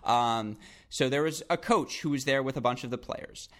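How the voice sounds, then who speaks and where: A man hosting a podcast, telling stories in an excitable, rambling way and acting out quotes. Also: medium pitch, normal speed. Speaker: podcast host. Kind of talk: casual podcast chat and storytelling.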